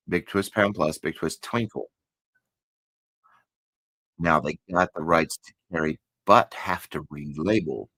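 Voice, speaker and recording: Gravelly low-voiced man chatting casually. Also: pushed and bright, dry recording, rough recording. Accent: Texan. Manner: rambling, self-correcting, chatty. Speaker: crochet channel host. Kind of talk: casual chat to viewers.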